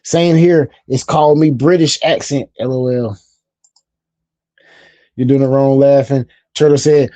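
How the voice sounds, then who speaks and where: Brief: male streamer, mid-pitched, relaxed and chatty, dry close sound. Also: moderate pace, dry recording. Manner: laid-back, chatty, repeats phrases. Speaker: livestream host. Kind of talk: casual live-stream chat.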